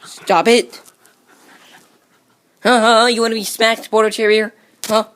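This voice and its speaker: A woman's voice: on the high side, flat delivery, a little slow, fairly bright tone. A woman talking casually to her pet dog in a home video, teasing and scolding it over and over, with playful growls. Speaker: dog owner.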